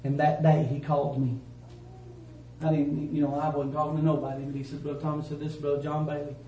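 Man preaching, folksy and emphatic, higher voice, echoey church, mic at a distance. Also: level tone, fast talker, slight background noise. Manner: folksy, emphatic, swings from loud to hushed. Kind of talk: sermon. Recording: roomy church sound from a distance.

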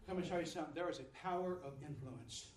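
A man's voice: on the high side, quick pace, echoey room, distant mic, a little hiss or hum, low-quality recording. A man preaching a sermon, emphatic and repetitive, his voice swelling and dropping. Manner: repetitive, emphatic, rises and drops in volume.

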